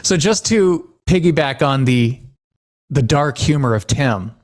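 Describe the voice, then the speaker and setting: A man's voice: mid-range voice, a little slow. A man co-hosting a podcast, telling family stories in a casual chat and laughing often. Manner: animated storytelling, laughs often. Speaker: podcast co-host.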